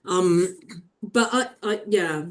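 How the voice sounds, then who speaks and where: A woman on a podcast who speaks earnestly and haltingly, searching for her words. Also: on the low side. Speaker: podcast guest. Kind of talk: casual podcast discussion.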